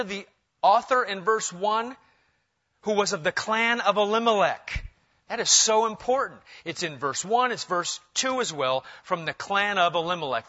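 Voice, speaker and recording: Animated pastor with a bright voice. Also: male voice. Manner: animated, varies pitch and pace for emphasis. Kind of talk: sermon. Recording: dull lo-fi sound.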